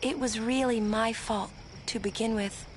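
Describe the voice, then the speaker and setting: Yuna, a gentle young summoner. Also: female voice, on the high side, fairly even intonation, measured pace, a little hiss or hum. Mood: polite. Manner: soft, polite.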